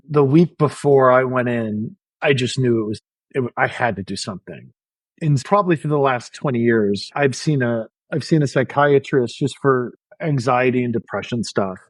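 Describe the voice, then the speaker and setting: A man's voice: medium pitch, dry recording, poor audio. A middle-aged man telling his own story as a podcast guest, frank and self-deprecating, with frequent restarts. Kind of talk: candid personal storytelling.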